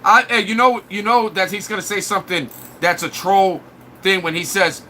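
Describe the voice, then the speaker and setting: A man's voice: high-pitched, fairly even intonation, moderate pace, pushed and bright, a little hiss or hum. A man live streaming, mocking and trash-talking viewers in his chat in a blunt, crude way.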